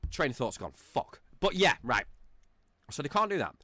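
Bright, animated man ranting. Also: mid-range voice, moderate pace, dry recording. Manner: profane, rambling, mocking. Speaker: podcast host. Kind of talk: ranting podcast monologue.

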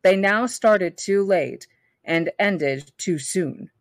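A woman reading a novel aloud for a book club, steady and now and then correcting herself. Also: fairly low pitch, takes it slowly, no room sound.

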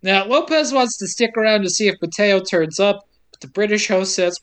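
Guy with a pretty high voice goofing through a movie recap, laughing a lot, doing little voices. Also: fairly bright tone, clean tone. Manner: joking, laughs often, mimics characters in quick asides. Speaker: podcast co-host recapping a movie. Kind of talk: casual comedic movie recap.

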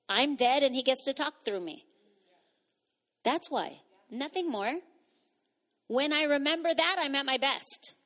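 A middle-aged woman pastor giving a sermon in a conversational way, with laughing asides, dropping to a hush and rising to loud bursts. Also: sits high, expressive, unhurried, long pauses.

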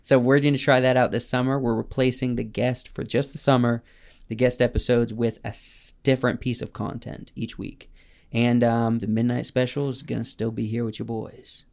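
A man's voice: mid-range voice, level tone, moderate pace, vocal fry, a little mellow. A young man co-hosting a podcast in casual chat, rambling and laughing often. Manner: rambling, laughs often, jumps in over others. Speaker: podcast co-host.

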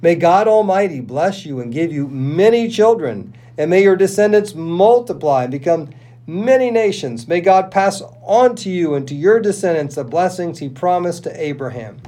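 A man co-hosting a podcast, reading scripture aloud and giving quoted speech a raised, expressive voice. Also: sits high, moderate pace. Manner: expressive reader who lifts his voice for quoted speech. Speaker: Bible reading podcast co-host.

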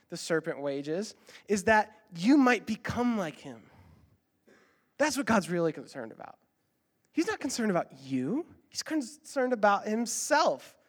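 Male preacher, higher-pitched voice, earnest and emphatic, explains with ums and uhs. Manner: uses fillers like um and uh when explaining. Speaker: pastor. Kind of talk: sermon.

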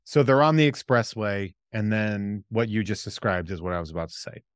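A man's voice: lowish voice, fairly quick, smooth, no room sound, studio quality. A man co-hosting a podcast, eagerly retelling a film's story and briefly acting out its lines in casual chat. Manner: excitable plot recap, acts out lines. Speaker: podcast co-host.

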